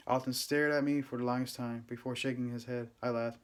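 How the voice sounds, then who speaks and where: Guy reading a book out loud, calm steady storytelling, middle pitch. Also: brisk, few pauses. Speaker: audiobook reader. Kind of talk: reading a novel aloud.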